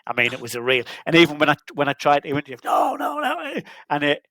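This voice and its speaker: A man's voice: fairly high pitch, steady tone, rapid-fire, pushed and bright, no echo, poor audio. A man in his sixties, a veteran journalist, telling rambling, self-deprecating stories in an interview over a video call. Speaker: guest, veteran football journalist. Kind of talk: anecdotal interview storytelling.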